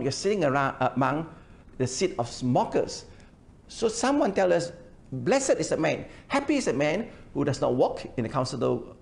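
A man's voice: mid-range voice, gravelly. An older man preaching a sermon. He often hesitates with "uh" and repeats words while explaining scripture line by line. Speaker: pastor. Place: church.

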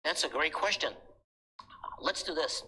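A man giving a keynote talk, telling a story dramatically, acting out dialogue and shouting punchlines. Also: a little high, expressive, a little slow, slight background noise. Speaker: keynote speaker. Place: recorded talk played to a class.

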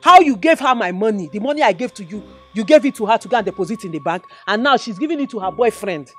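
A Nigerian fiancée with a sharp tongue, mocking and scolding in a movie drama. Her accent is plainly Nigerian, and a faint music score plays under her lines. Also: medium pitch, animated, fast talker, husky. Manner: mocking, scolding, switches into pidgin taunts. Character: sharp-tongued fiancée confronting a cheating man.

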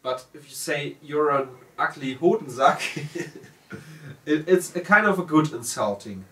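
A German man with a German accent, casually reading out viewer comments in halting, self-correcting English. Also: fairly high pitch, lively intonation, a bit bright. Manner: halting, self-correcting, laughs at own words. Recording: roomy sound from a distant mic.

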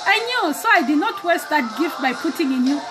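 A woman's voice: high voice, expressive, brisk. A woman voicing God as a proud, delighted heavenly father, praising repeatedly during a sermon. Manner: exclaiming, praising, repeating himself fondly. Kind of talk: sermon with acted voices.

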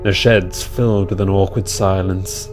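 A man's voice: low voice, measured pace. Man narrating a spooky storybook. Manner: steady reading. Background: music.

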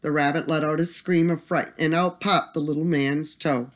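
Casting: a mid-pitched, expressive bedtime story reader. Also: normal speed.

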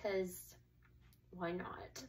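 A woman's voice: fairly low pitch, extremely slow. Young woman chatting, distant mic. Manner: relaxed, trailing restarts, frequent mm-hmms. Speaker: co-host. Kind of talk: casual chat.

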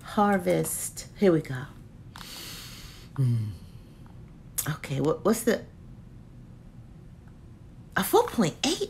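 A woman's voice: lowish voice, extremely slow, creaky, long pauses, a little hiss or hum. A woman reviewing a candle in a casual, slangy vlog full of laughs. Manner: animated, slangy, laughs often.

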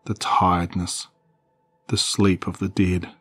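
A man's voice: deep voice, little pitch movement, slow, fairly bright tone, husky, soft background music, heavily acted. A man voicing a grim middle-aged father who speaks with urgent, fatalistic weight.

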